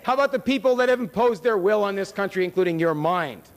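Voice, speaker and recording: A man's voice: high voice, animated, fast talker. An American man giving a conference lecture in a conversational, sardonic way, with wry asides and rhetorical questions. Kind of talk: public lecture with slides. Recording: long hall reverb from a conference room.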